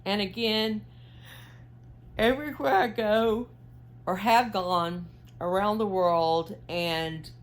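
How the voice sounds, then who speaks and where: A knitting vlogger chats casually with her viewers as she knits, using lots of fillers and questions; she's tired and yawning. Her voice is medium-pitched and steady, and she speaks slowly.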